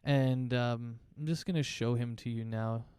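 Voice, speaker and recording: Mellow, smooth-voiced man running a game. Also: mid-range voice, a little slow, dry recording, clean studio sound. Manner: relaxed, rambling, many fillers. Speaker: game master. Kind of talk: tabletop game narration.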